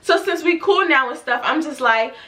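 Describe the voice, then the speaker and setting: Young woman hairstylist doing a storytime, high voice, super animated, keeps saying y'all. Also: normal speed. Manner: animated, addresses viewers as y'all, acts out quotes. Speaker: hairstylist vlogger. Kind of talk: storytime vlog.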